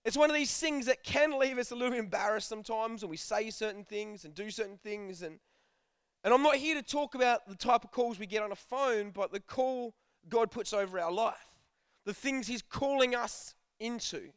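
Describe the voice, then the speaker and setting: A man's voice: extremely high pitch, moderate pace, clear, resonant tone, dry recording, clean studio sound. A young man giving a casual, joking sermon to a youth group, telling stories and acting out bits of dialogue. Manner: chatty, jokey, acts out dialogue. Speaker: youth preacher.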